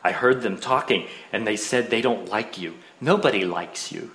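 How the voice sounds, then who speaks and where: A man's voice: on the low side, normal speed, a bit bright, voice pushed down, lightly acted. Man doing a spiteful little big sister. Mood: taunting. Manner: blunt, matter-of-fact taunting. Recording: roomy echo.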